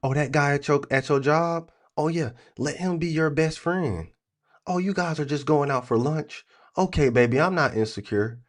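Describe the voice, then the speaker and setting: A man mimicking an overly trusting boyfriend in a higher, falsely reassuring sing-song. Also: normal speed, natural voice. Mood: mock-reassuring.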